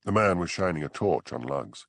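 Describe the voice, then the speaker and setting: A man reading an audiobook narration in a measured, expressive storytelling manner. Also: low voice, creaky, no room sound. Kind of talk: scripted narration.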